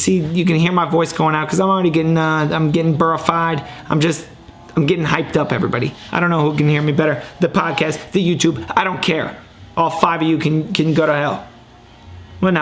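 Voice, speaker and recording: A man hosting a casual sports podcast from home, rambling and excitable, poking fun at himself as he goes. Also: on the high side. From Ohio. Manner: rambling, excitable, self-mocking. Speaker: podcast host. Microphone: camera and computer mic.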